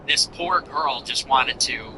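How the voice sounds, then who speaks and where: A man's voice: medium pitch, slow pace, background noise. A man hosting a solo political commentary show, sarcastic and mock-sympathetic, often breaking into laughter.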